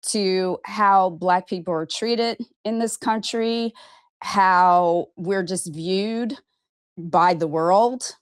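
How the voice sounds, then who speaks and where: Speaking extremely slowly in a medium-pitched, clean voice, this Arizona woman in her fifties delivers a candid personal monologue to camera. She hosts a vlog and podcast, talks bluntly and emphatically about her life, drops casual swear words, and keeps asking "okay?". The studio-quality audio carries no room sound.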